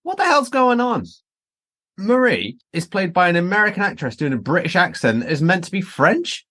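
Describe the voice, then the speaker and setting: A man's voice: sits high, sing-song, moderate pace, pushed and bright. A man in casual review chat, speaking bluntly and incredulously, swearing now and then.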